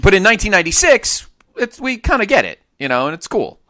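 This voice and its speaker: A man in his forties co-hosting a podcast in casual chat, animated and prone to trailing off and restarting. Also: sits high, quick pace, dry recording. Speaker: podcast co-host.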